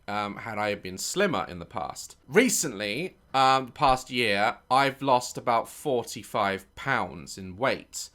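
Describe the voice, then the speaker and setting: A man reacting to a video in loose, casual commentary, his pitch leaping around as he swears and plays up mock outrage. His tone is bright and sharp.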